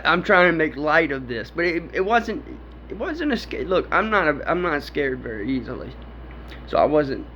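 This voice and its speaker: A man's voice: on the high side, pushed and bright. A man telling a personal story in a rambling, profane way, often laughing. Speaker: storyteller recounting a personal encounter. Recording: dull lo-fi with faint background noise.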